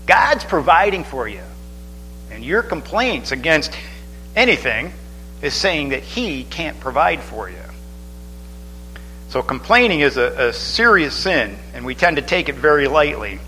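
Male pastor rambling thru a sermon, kinda high bright voice, faint hum behind. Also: very animated, measured pace, poor audio. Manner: chatty, rambling with many restarts and asides.

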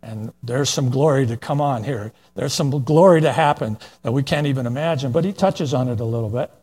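Older male preacher, husky mid-pitched voice, folksy verse-by-verse delivery. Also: a little fast, darkish tone. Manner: plain-spoken, folksy, with frequent fillers and asides. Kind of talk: verse-by-verse sermon.

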